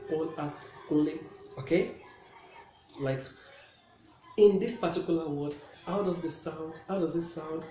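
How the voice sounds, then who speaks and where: A man's voice: on the high side, mellow. A man teaching a classroom pronunciation lesson, checking in often with "okay?". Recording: echoey room with faint noise.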